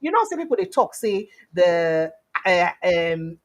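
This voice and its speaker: A woman with a Nigerian accent hosting an online news show, telling the news in pidgin and acting out quoted lines loudly. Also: fairly low pitch, big pitch swings, a little slow.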